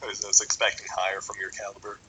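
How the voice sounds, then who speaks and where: Quick, teasing, bright-voiced man. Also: fairly low pitch, completely flat delivery, slight background noise, rough recording. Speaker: podcast co-host. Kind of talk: casual chat.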